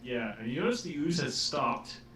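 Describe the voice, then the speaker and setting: A man running a tabletop game as game master, narrating in a halting way full of filler sounds. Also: medium pitch, big pitch swings, a bit bright. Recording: roomy, distant from the mic.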